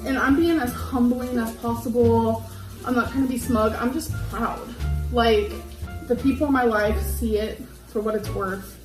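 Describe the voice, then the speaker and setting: A woman's voice: fairly high pitch, steady tone, normal speed. A young woman vlogging as she cooks in her kitchen, rambling in a loose, casual way, a little out of breath. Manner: rambling, heavy use of "like"; talking while cooking at the stove. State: slightly out of breath. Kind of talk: casual vlog talk to camera. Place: home kitchen. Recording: echoey kitchen with background music.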